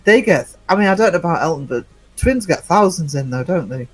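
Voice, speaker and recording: A man's voice: a little high, animated, brisk, slightly rough, poor audio. A middle-aged man hosting a casual livestream, rambling chattily through stories and replies to his chat. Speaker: livestream host.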